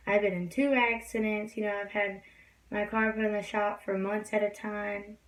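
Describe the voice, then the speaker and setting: A woman's voice: medium pitch, flat delivery, moderate pace. A young woman telling a story in a casual, rambling way, full of fillers. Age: young adult. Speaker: vlogger. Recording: distant from the mic.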